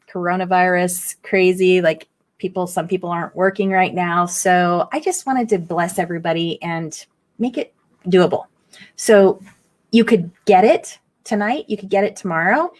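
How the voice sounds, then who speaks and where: A middle-aged woman spiritual coach chatting live with her viewers in a bubbly, effusive way, reading their comments aloud. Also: mid-range voice. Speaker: spiritual medium and coach hosting a live stream. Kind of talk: casual live-stream chat. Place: home in the southern United States.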